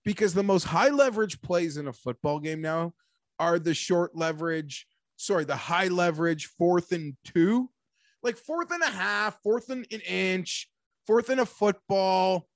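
A man hosting a casual sports talk show, animated and rambling, talking like an emphatic fan. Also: high voice, a little slow, dry recording, studio quality. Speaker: sports podcast host.

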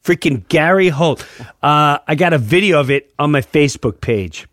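A man's voice: on the high side, lively intonation, normal speed, a bit bright, no room sound. A man hosting a podcast in casual, joking chat, laughing often and reading a letter aloud. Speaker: podcast host.

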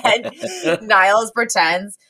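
A woman's voice: mid-range voice, big pitch swings, slow pace, crowd noise. A woman co-hosting a podcast, chatting casually and acting out scenes from a sitcom episode with frequent laughter. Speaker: podcast co-host.

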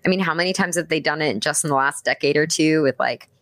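A woman with a low voice chats on a podcast as a guest voice actress, talking eagerly and rambling a little, with many fillers. The sound is dry and close, with no room echo around it. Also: fast talker, fairly bright tone. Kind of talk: casual podcast chat.

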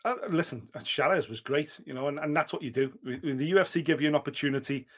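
A man co-hosting a podcast in casual sports chat, animated and swearing freely, often acting out what other people said. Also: on the high side, fast. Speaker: podcast co-host.

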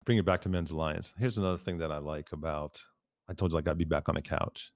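Deep-voiced man telling his story. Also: fast, no room sound, clean studio sound. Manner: animated storyteller, quotes others often. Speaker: podcast guest. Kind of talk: casual chat.

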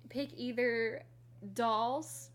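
A woman's voice: fairly high pitch, steady tone, very slow. A woman in casual chat, giggly and effusive, swearing freely. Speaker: podcast co-host.

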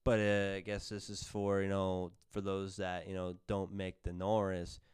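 A man with a lowish, very smooth and clear voice talks through an awards list on a podcast. He rambles and corrects himself often. The sound is dry and close, with no room to it. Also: monotone, moderate pace, a little mellow, no echo. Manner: rambling, lots of fillers and self-corrections. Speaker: podcast host. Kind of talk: casual sports podcast chat.

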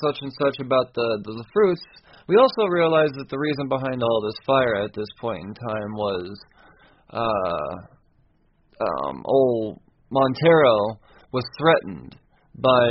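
A man's voice: medium pitch, breathy edge, highs cut off. A man casually recapping a comic story, rambling and profane, with frequent restarts and laughing at his own slips.

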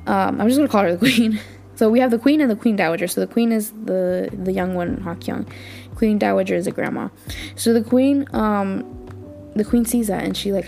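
A woman's voice: mid-range voice, mellow. Chatty woman gushing over a drama. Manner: gushing fan, thinks aloud. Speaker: podcast host. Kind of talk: casual drama recap.

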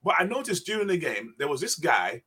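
An older former basketball player tells stories in a conversational interview, acting out the dialogue with animation. His voice is a little high and a little fast, with a breathy edge.

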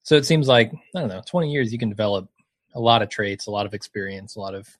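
A man in casual chat about TV, talking in a measured, thoughtful way with hedges. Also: on the low side, dry recording.

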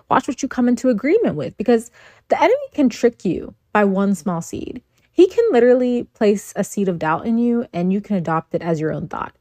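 A woman's voice: a little high, a little mellow, no echo. Earnest woman hosting a faith podcast. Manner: earnest and exhorting, repeats phrases, casual "like" and "right?". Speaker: podcast host. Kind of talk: faith devotional podcast talk.

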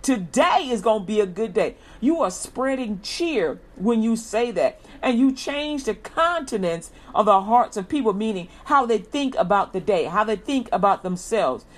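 A woman's voice: fairly high pitch, unhurried, few pauses. Woman giving a casual, repetitive pep sermon. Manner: colloquial, repeats a slogan, acts out lively quoted greetings. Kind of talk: informal inspirational sermon.

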